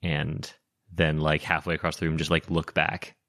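A man's voice: very deep voice, level tone, moderate pace, fairly bright tone. A man playing a tabletop game, rambling casually with many fillers. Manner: rambling, full of "like". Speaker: player.

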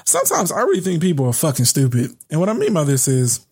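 Fired-up male podcast host, young, slightly high voice, heavy swearing. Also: huge pitch swings, fast talker, darkish tone, breathy edge. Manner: heated and profane, swears heavily. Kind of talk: reading a news story, then ranting.

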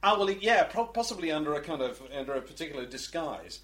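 A middle-aged man rambles through stories on a podcast, often restarting his sentences. His voice sits a little high and swings up and down in a lively way. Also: quick pace. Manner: rambling, hesitant storytelling with restarts. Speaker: podcast co-host. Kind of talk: casual podcast chat.

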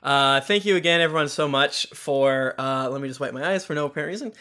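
A man's voice: mid-range voice, quick pace, sharp tone. A man co-hosting a tabletop game podcast, joking with lots of fillers and stumbles. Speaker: co-host. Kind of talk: casual podcast chat.

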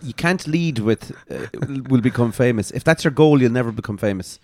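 An Irish man chatting on a podcast with friends, teasing them and laughing easily. His pitch moves widely as he talks. The sound is dry and close to the mic. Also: a little fast, dry recording. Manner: lively, laughs often, teasing. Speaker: podcast co-host. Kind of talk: casual chat.

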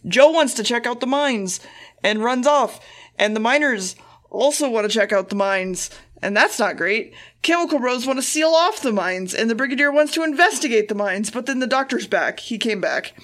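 A woman's voice: on the high side, animated, normal speed, a bit bright. A woman co-hosting a podcast, giving a casual, rambling and profane recap of an episode. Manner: profane and rambling, acting out quotes. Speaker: podcast co-host.

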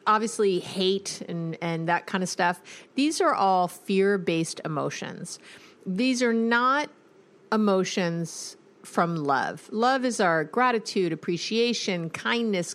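Middle-aged woman, therapist and podcast host, casual advice monologue, animated when quoting. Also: mid-range voice. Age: middle-aged or older. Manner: conversational, lists words slowly, quotes clients animatedly.

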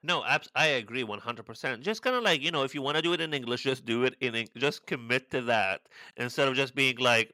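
A man's voice: medium pitch, brisk, hardly any pauses, sharp tone, no room sound, poor audio. A man co-hosting a podcast, chatting casually and animatedly, filling his talk with "like" and exclamations. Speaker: podcast co-host. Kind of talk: casual chat.

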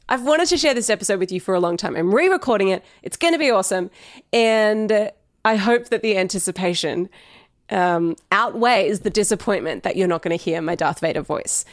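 A woman's voice: mid-range voice, lively intonation, moderate pace, no room sound, studio quality. A woman hosting a casual solo podcast, chatty and upbeat, poking fun at herself. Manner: chatty, upbeat, self-deprecating, laughs often. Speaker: podcast host. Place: home recording setup. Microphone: headphones and studio mic.

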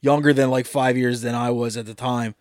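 A man's voice: mid-range voice, steady tone, brisk, no room sound. A man co-hosting a podcast, telling rambling, profane stories in casual chat. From Delaware, US. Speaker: podcast co-host.

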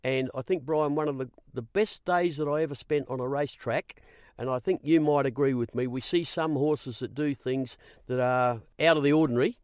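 A man's voice: medium pitch, normal speed, clear, resonant tone, no echo, clean studio sound. Australian man spinning racing yarns. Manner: animated, repeats "I said" while retelling. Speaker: guest, former racing interviewer. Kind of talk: storytelling in an interview.

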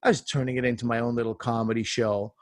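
A man in his forties from Canada, a comedian guest telling stories in a casual, animated way and acting out the voices. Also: medium pitch, fast, dry recording, clean studio sound. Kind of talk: casual storytelling.

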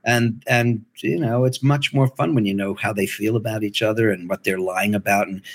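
A man who narrates audiobooks, chatting as an interview guest in an animated, playful way, with lively jumps in his voice. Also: fairly low pitch, moderate pace. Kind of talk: casual interview chat.

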